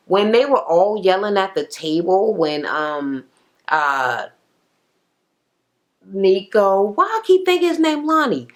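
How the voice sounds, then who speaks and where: A woman's voice: expressive, measured pace. A woman giving a blunt, profane, casual recap of a reality show, slipping into exaggerated quoted voices. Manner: blunt, sassy, heavy swearing, acts out quotes in raised pitch.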